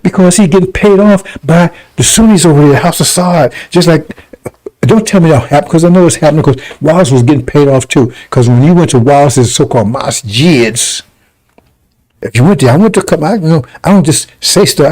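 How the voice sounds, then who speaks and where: Male religious broadcaster, warm tone, pitched a bit high, heated and mocking delivery. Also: fairly quick, rough recording. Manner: scornful, rambling, laughs mockingly. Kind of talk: heated scripture commentary.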